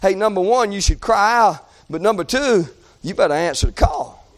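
A male preacher giving a fervent sermon, breaking into shouts and dropping to hushed tones. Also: high-pitched, animated, normal speed, creaky. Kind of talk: revival sermon.

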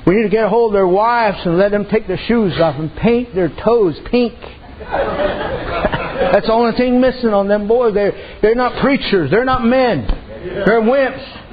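A man's voice: high voice, normal speed, highs cut off, crowd noise. A man preaching a sermon in a folksy storytelling way, retelling conversations with lots of "I said". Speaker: pastor.

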